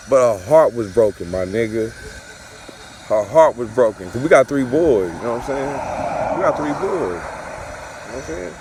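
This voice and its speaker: Man telling a story, lively voice. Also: mid-range voice, normal speed, pauses often, slight background noise. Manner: repetitive, profane, conversational. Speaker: father telling a personal story. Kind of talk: casual storytelling to camera.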